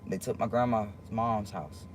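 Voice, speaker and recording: A man talking to his viewers in a casual livestream monologue, rambling and halting with many restarts, in an earnest, confiding way. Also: on the low side, background noise.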